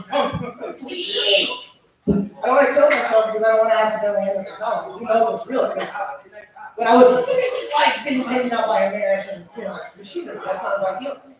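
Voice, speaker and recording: A man doing dark, deadpan stand-up in a small club. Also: very high-pitched, fast talker. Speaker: comedian. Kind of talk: stand-up comedy. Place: small comedy club stage. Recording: very echoey room, far from mic, crowd.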